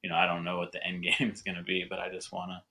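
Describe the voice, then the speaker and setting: Racing along in a deep, monotone voice that sounds pushed and bright, a young adult man from North America is interviewed as a winemaker. The chat is casual, and he talks eagerly and rambles, leaning on lots of fillers.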